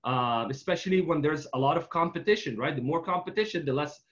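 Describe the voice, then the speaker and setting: A man's voice: a little high, fast talker, fairly bright tone. A man coaching, telling a loose example story and tagging most sentences with "right?". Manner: loose storytelling, constant "right?" tags and fillers. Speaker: real estate marketing coach. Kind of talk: casual teaching in a Q&A. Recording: dull lo-fi recording.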